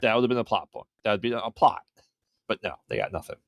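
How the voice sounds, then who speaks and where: A man's voice: lowish voice, lively intonation, fast, gravelly, fairly bright tone, no echo, studio quality. A man co-hosting a podcast, chatting casually about movies, laughing often and chiming in with short agreeing replies. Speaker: podcast co-host. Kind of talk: casual film review chat.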